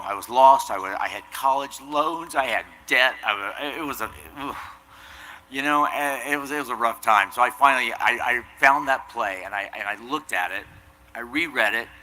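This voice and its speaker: A man's voice: medium pitch, sharp tone, slight background noise, low-quality recording. A man giving a commencement address, telling an earnest, self-deprecating story. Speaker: commencement speaker. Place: outdoor commencement ceremony.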